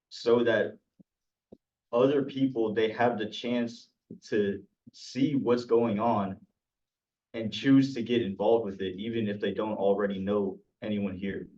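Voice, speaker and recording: Man, lowish voice, unhurried panel talk, distant dull mic. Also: darkish tone. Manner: slow, thoughtful, with pauses and fillers. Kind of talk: panel discussion.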